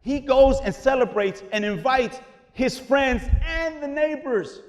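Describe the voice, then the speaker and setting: A man preaching a sermon in an animated, conversational way, dropping casual slang as he explains. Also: very high voice, unhurried, big-room sound. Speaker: pastor.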